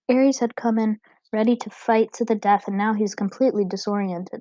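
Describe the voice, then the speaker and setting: A woman's voice: mid-range voice, steady tone, fairly quick, dark tone, dry recording. Woman reading an audiobook, dry sound. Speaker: audiobook narrator. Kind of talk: audiobook narration. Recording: dull, dry lo-fi recording.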